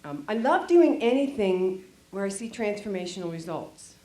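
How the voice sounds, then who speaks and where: A woman's voice: medium pitch, very animated, normal speed, dark tone, a little hiss or hum. A woman attending a workshop, talking in a rambling, hesitant way with many fillers. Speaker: workshop participant. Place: seminar room. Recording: echoey room.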